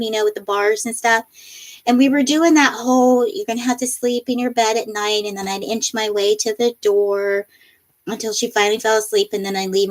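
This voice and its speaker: A woman hosting a casual live stream, reading viewer comments aloud and laughing often, her nose a little runny. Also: medium pitch. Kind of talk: casual live chat while crafting.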